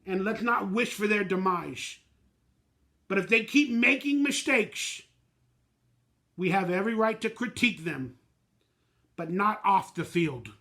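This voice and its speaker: A man's voice: high-pitched, expressive, a little slow, long pauses, bright, forceful tone. A man hosting his own fan channel, giving a blunt, emotional postgame reaction rant in plain slangy talk.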